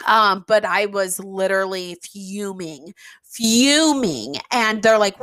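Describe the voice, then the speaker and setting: A woman who runs an event venue tells a casual story, animated and emphatic, with fillers and the odd swear word. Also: mid-range voice, slow, no room sound. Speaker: venue owner.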